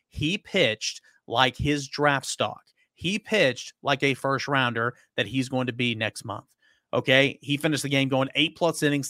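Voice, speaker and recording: Animated sports reporter, dry sound. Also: male voice, medium pitch, dry recording. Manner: animated storytelling, emphatic repetitions. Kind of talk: casual sports recap.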